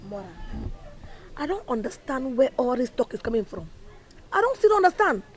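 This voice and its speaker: Brief: a combative young Nigerian woman, very high voice, defiant and quick to fight. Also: very animated. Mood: arguing. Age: young adult. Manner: quarrelsome, defiant, mixes Pidgin. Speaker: troublesome village daughter. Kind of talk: Nollywood film drama.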